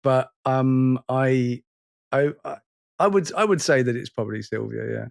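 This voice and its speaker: A man's voice: mid-range voice, moderate pace, creaky. A man co-hosting a podcast, talking in a hesitant way, repeating words and laughing easily. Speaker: podcast co-host. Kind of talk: casual chat.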